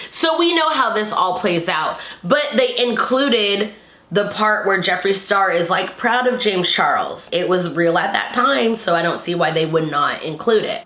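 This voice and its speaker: Brief: bright, chatty woman vlogger, roomy echo, rambling recap commentary. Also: lowish voice. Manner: chatty, frequent "like", exasperated asides. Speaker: YouTube commentator.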